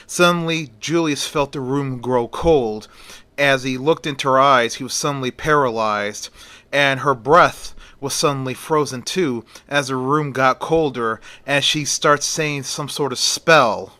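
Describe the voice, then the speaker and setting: A man narrating a horror story in a slow, plain retelling manner. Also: mid-range voice, bright, forceful tone, no echo.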